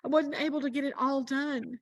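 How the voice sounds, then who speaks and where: A woman voicing a tearful woman in a dream story, speaking soft and pleading. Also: high-pitched, fairly even intonation, fairly quick, voice pushed up, close to an everyday voice. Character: tearful woman worried she failed her tasks.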